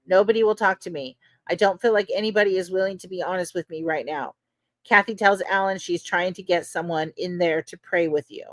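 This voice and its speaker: A woman's voice: lowish voice, a little fast, no echo. Woman, podcast host, casual trial recap, conversational, dry close sound. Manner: conversational, many fillers like "you know".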